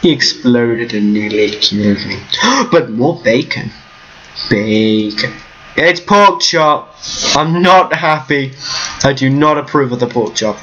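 A goofy, excitable man giving casual commentary while playing a block-building game at home. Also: mid-range voice, a little slow, highs cut off. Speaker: Minecraft let's player. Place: room at home.

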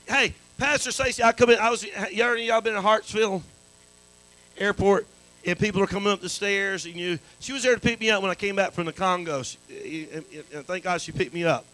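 A man's voice: high voice, brisk, sharp tone, low-quality recording. A man preaching a sermon as pastor, calling out to the congregation and restarting phrases. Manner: call-and-response preaching, repetitive restarts.

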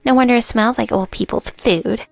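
An entitled young coworker, rude and sneering, read by a woman narrator. Her voice is gravelly and close, with faint music behind. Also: a little high, normal speed, no echo.

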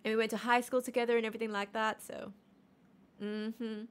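Late-twenties woman streamer, loose and teasing, laughs at herself, voice sits a bit high. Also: a little fast, smooth. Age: late 20s. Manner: animated, joking and self-mocking. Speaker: game streamer. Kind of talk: casual live-stream chat.

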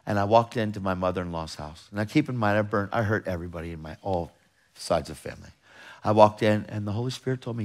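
A fervent man preaching to a congregation, firing off rhetorical questions with emphatic energy. His voice sits at a middling pitch with an ordinary, unforced timbre, and he swings from urgent bursts down to quiet, pointed asides. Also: fast. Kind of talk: sermon.

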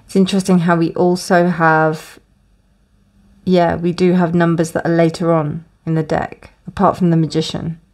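Woman, low voice, casual tarot reading, rambling, lots of fillers. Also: flat delivery, moderate pace, a little mellow. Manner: rambling, many restarts and fillers. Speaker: tarot reader. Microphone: close, dry room with windows closed.

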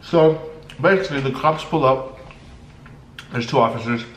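A young man vlogging while eating, telling a story in a lively way and acting out the people in it. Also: medium pitch, moderate pace. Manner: animated, acts out the people in his story. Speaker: mukbang vlogger. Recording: echoey room, faint background noise.

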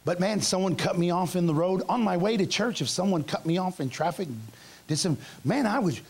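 A middle-aged male pastor preaching a revival sermon, telling stories and acting out his own past outbursts with shouts, in a church. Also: high voice, fairly quick, gravelly, husky. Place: church sanctuary.

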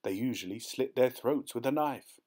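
A man's voice: medium pitch, normal speed, a little mellow, lightly acted. A man voicing a doting elderly aunt of nearly eighty, fond and coaxing in tone in a storybook reading. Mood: disdainful.

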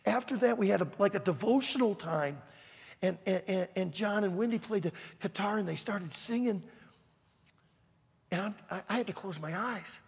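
A man preaching a storytelling sermon to a youth conference in an animated, dramatic way. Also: high-pitched, moderate pace, vocal fry, husky. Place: large church auditorium. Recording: reverberant large hall.

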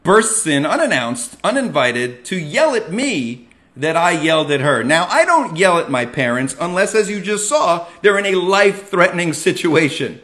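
Middle-aged male comedian host, ranting monologue, bright edgy tone. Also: on the high side, moderate pace. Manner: animated, self-mocking ranting with sudden yells. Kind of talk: comic monologue.

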